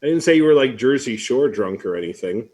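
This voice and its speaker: A man hosting a live online event, chatting casually and telling a story with lively asides. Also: mid-range voice, brisk. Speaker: host. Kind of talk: casual live-stream chat.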